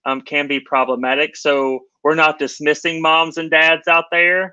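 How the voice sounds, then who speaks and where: An upbeat man co-hosts a casual livestream with a bright, forward voice. The sound is dry with no room echo. It is also a little muffled, like a video call. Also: a little high, little pitch movement, moderate pace, clean tone. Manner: upbeat, informal. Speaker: co-host.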